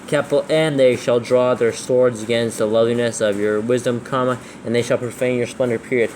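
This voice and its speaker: A man's voice: medium pitch, steady tone, a little mellow, a little hiss or hum. Man dictating scripture with punctuation. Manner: reads slowly, spelling out punctuation and capitals. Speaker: scripture proofreader reading aloud.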